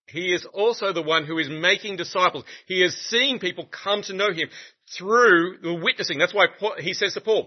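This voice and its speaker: A man preaching a sermon in an animated, conversational way, with humorous asides to the congregation. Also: sits high. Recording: muffled lo-fi recording.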